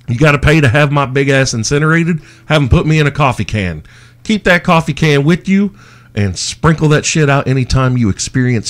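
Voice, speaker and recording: A male podcast host talking in loose, profanity-heavy casual chat. His pitch swings up and down freely as he rambles through his thoughts.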